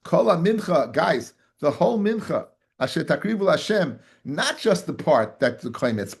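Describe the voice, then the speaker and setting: A man's voice: on the high side, big pitch swings, moderate pace, creaky, slightly rough. A man, a rabbi teaching a daily Talmud class, who repeats phrases, fires rhetorical questions at his listeners, calls them "guys" and mixes Hebrew and Yiddish terms into his English.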